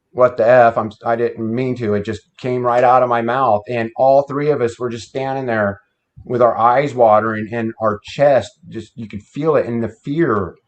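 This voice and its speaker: A man telling a story about his past in a casual, plain-spoken, folksy way. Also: medium pitch. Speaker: guest telling an encounter story. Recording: dull lo-fi sound.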